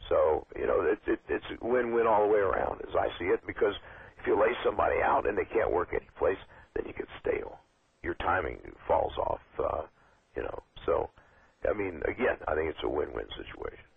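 Gravelly older man on a phone line. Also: sits low, lively intonation, no echo. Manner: rambling, halting, many fillers and restarts. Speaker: wrestling trainer and guest. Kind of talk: casual phone interview.

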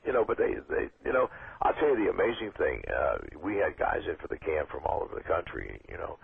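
An older man, a wrestling trainer, talking in a rambling, halting way with many fillers as a guest on a call-in show. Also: a bass voice, wildly swooping pitch, vocal fry, breathy edge, no echo. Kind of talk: casual phone interview. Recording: tinny phone line.

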